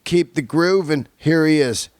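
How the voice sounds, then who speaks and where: A man's voice: fairly high pitch, unhurried, no room sound. Man, podcast host, casual and profane, laughs often, dry close sound. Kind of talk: casual monologue and interview.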